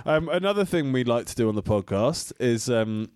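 A man's voice: medium pitch, lively intonation, normal speed, a little mellow, clear, resonant tone, no echo. A male podcast co-host bantering casually with a guest, dry and playful.

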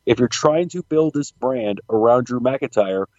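A man co-hosting a wrestling podcast, with a mellow, dark voice. He talks casually and sarcastically, now and then playing out imagined conversations. His mic sounds dull and lo-fi, and the recording is dry. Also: medium pitch, animated, measured pace, no echo. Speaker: podcast co-host.

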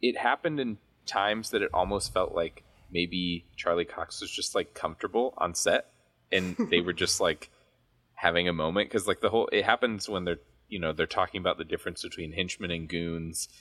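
Podcast co-host, man, very low voice, chatty and animated. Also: moderate pace. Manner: chatty, animated storytelling with laughs. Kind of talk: casual chat.

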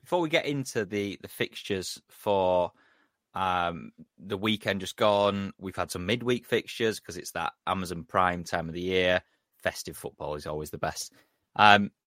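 A man's voice: low voice, fairly bright tone, no room sound, studio quality. A man co-hosting a casual sports podcast, blunt and sweary, mocking the people he talks about. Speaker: podcast co-host.

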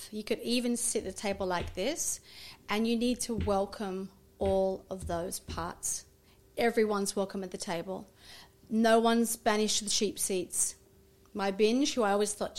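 A middle-aged woman with a medium-pitched voice, a naturopath, appears as a guest on an interview show. In this casual interview chat she tells stories animatedly, acting out the voices of her family.

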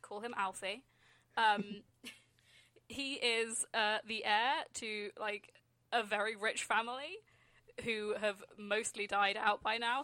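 A woman tabletop player, describing her character in a relaxed way with fillers. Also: mid-range voice, dry recording. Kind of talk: casual chat describing a character.

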